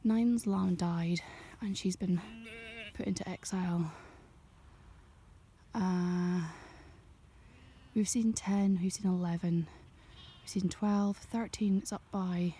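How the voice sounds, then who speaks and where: Soft-spoken woman murmuring in a field. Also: on the low side, steady tone, slow, pauses often, a little hiss or hum. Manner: gentle and chatty, half-whispering. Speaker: ASMR creator and farmer. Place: outdoors in a sheep field.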